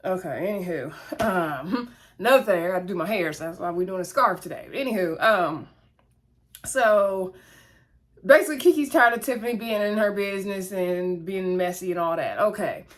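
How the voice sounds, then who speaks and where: A woman's voice: medium pitch, lively intonation, moderate pace. Woman, casual reality TV recap, gossipy, chatty. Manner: chatty, gossipy, acts out the cast's lines.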